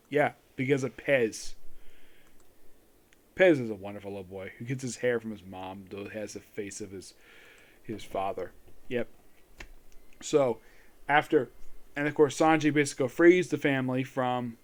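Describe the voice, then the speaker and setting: A man giving a loose, rambling casual recap of anime episodes, filling his talk with small asides and affirmations. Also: fairly high pitch. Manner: rambling, loose, peppered with "of course" and "yep". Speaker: anime reviewer.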